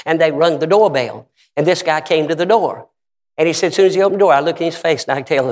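A man with a high voice preaches in a church, spinning stories and acting out the people in them. His voice climbs into shouts at the big moments. Long reverb from the sanctuary trails every line. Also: a little fast. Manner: storytelling with acted-out quotes, rising to shouts. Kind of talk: sermon.

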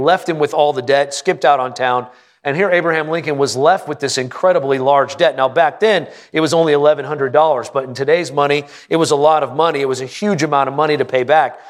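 A man preaching a sermon with a voice a little higher than most men's. He talks in a folksy, joking way and keeps asking the congregation questions. He slows down to lean hard on the lines that matter. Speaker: pastor.

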